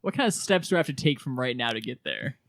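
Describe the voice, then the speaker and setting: A man's voice: mid-range voice, lively intonation, quick pace, gravelly, a bit bright, no room sound. A man co-hosting a casual podcast, making wry, dry remarks. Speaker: podcast co-host. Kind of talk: casual chat.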